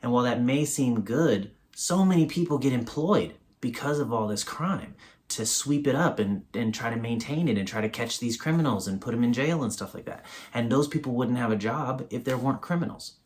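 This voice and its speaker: A man's voice: mid-range voice, lively intonation, brisk, darkish tone. A man giving a casual, rambling book review on his video channel, full of fillers.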